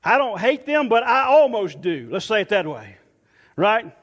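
A man, a pastor, preaching a sermon emphatically and dropping soft and low when quoting scripture. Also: sing-song, a little slow, big-room sound.

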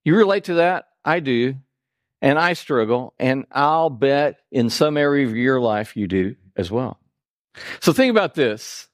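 A man's voice: a little high, normal speed, no echo, clean studio sound. A man from Indiana preaching a sermon as pastor, folksy and joking with the congregation in a church. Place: church sanctuary.

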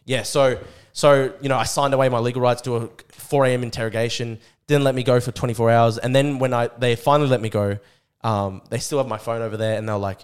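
Young Australian guy, podcast guest, rattles off an excitable, swear-filled story at speed. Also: medium pitch, smooth. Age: young adult. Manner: rapid, profane, excitable retelling. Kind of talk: casual storytelling.

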